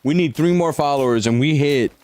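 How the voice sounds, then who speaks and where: A man's voice: on the high side, brisk, darkish tone. A young man on a live stream, chatting casually with viewers and walking them through a game, swearing now and then as he hypes them up.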